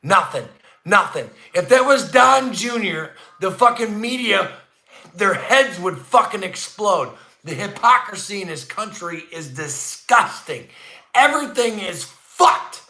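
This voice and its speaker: A man hosting a casual livestream from his home, ranting with heavy swearing and swinging from low grumbles to shouts. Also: big pitch swings, a little slow. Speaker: livestream host. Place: indoor room at home, not the barn. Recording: echoey room.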